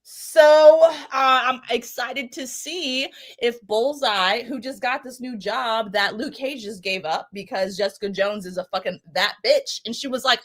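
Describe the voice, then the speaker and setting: A woman chatting casually as a podcast co-host, excitable and profane, telling it with lots of energy. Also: fairly high pitch, a little slow, hardly any pauses. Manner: excitable, profane, animated storytelling. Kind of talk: casual chat.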